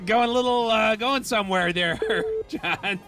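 A man's voice: sits high, unhurried, over music. A man hosting a morning radio call-in show, upbeat and laughing along with callers. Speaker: radio DJ host. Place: radio studio.

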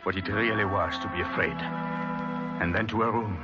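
An actor playing a desperate young husband who narrates earnestly in 1940s radio acting, on a lo-fi old radio recording with music behind. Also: male voice, lowish voice, steady tone, moderate pace, close to an everyday voice. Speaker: narrator and lead.

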